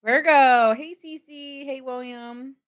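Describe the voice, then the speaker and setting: A woman's voice: high-pitched, steady tone, slow pace, lo-fi sound. A woman hosting a live tarot reading, chatty and playful, often laughing and greeting viewers by name.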